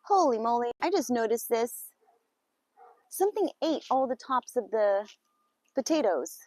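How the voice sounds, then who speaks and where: A woman with a slightly high voice chats to her viewers in a casual live garden vlog. She talks straight to them as she walks outdoors through her farm garden, often breaking into startled exclamations and nervous laughs. The sound is close and dry, with little room echo. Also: very animated, measured pace, darkish tone.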